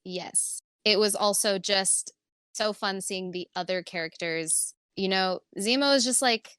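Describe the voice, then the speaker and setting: A woman's voice: medium pitch, unhurried, a bit bright, clean tone, dry recording, studio quality. A woman co-hosting a podcast, chatting casually and enthusiastically about a TV episode, laughing often and rambling with fillers. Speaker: podcast co-host. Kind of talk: casual TV recap chat.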